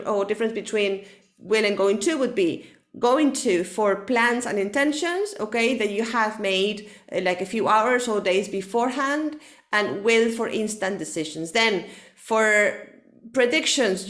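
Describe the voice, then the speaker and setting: A woman with a Spanish accent teaching an English lesson, explaining patiently and checking in with her student. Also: a little high.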